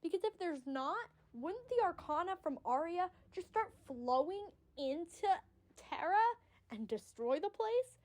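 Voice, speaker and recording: A woman giving casual, excitable fan commentary on a story, rambling and swearing freely. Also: extremely high pitch, a little slow. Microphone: audio-only recording.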